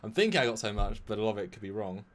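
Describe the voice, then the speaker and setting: Rambling animated man recapping from memory. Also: racing, crowd noise. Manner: rambling, animated, acts out quotes with jumps in pitch. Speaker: podcast co-host recapping an episode from memory. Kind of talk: casual chat.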